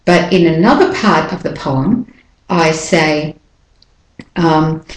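Woman pronunciation teacher, unhurried and patient, lowish voice, roomy echo. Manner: patient, slows down to model sounds. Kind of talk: explanatory lesson with read-aloud examples.

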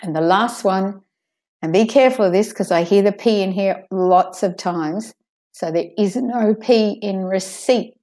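A woman teaching English pronunciation, saying each word slowly and carefully so learners can repeat it. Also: mid-range voice, warm tone. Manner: slow, careful modeling of words for repetition. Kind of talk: pronunciation lesson.

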